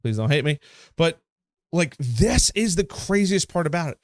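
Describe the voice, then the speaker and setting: A man with a fairly high voice talks through a screen-share marketing tutorial, casual and emphatic. He keeps checking in with "right?" and pushes his points with energy. The sound is dry and close, with no room around it. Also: big pitch swings, moderate pace, dry recording. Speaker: marketing coach.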